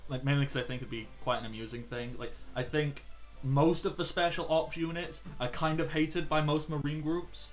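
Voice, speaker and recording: A man's voice: on the high side, fairly even intonation, moderate pace, lo-fi sound, soft background music. A man narrating as game master of a tabletop role-playing game, chatty with frequent fillers and laughs.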